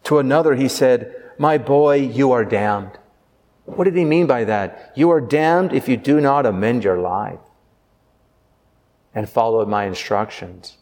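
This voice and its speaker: Earnest priest preaching in a reverberant church. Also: male voice, medium pitch, unhurried, a little mellow. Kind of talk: sermon.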